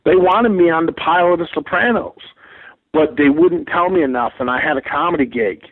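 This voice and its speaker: A comedian calling in as a guest, telling animated, profane anecdotes and acting out the dialogue of others. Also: male voice, on the high side, moderate pace. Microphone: phone. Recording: tinny phone line.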